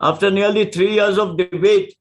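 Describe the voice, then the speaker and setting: An older man with an Indian English accent gives a lecture, telling anecdotes in a measured, emphatic way. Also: high-pitched, steady tone. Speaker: senior lawyer giving a lecture.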